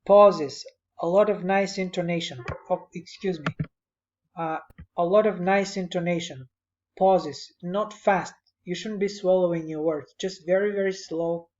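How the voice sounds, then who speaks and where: A man's voice: sits high, steady tone, moderate pace, a little mellow, dull audio. A male instructor giving conversational, encouraging spoken feedback to a student on a presentation, speaking at his computer.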